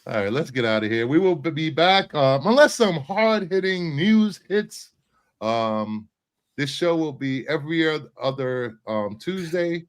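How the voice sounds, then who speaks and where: A man's voice: a little high, animated, a little slow, smooth. A man hosting a casual pop-culture chat show, joking and rambling with lots of fillers. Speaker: podcast host.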